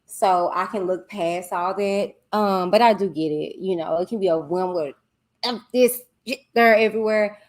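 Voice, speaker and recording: A woman hosting a casual livestream, chatting with viewers and reading their comments aloud. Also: medium pitch. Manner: chatty, drawn-out exclamations, talks to viewers as "y'all" and "child". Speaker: livestream host.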